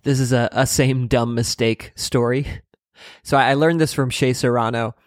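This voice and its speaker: A man's voice: mid-range voice, fairly even intonation, moderate pace, no echo. Joking man on a dry mic. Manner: dry, joking, laughs often. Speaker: podcast co-host. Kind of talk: casual comedic book chat.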